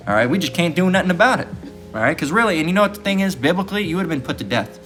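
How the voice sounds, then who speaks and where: A man's voice: sits high, sing-song, racing, a bit bright, soft background music. A man preaching in a blunt, crude rant, swearing freely and tagging nearly every sentence with "all right?". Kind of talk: profane street preaching rant.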